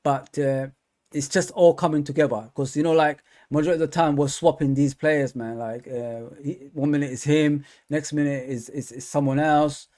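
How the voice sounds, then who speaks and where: A man's voice: on the high side, fairly even intonation, moderate pace, mellow. A man hosting a live football review stream for his fan channel. He talks casually and chattily, with lots of fillers and repeated words.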